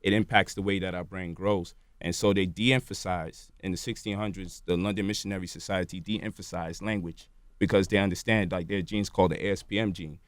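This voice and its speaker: A man's voice: low voice, fairly even intonation, a little fast, smooth, no room sound. A man, a radio show guest, explaining at length in a lecturing way and checking in with "right?" and "you feel me?". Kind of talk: lecturing interview talk. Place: radio studio.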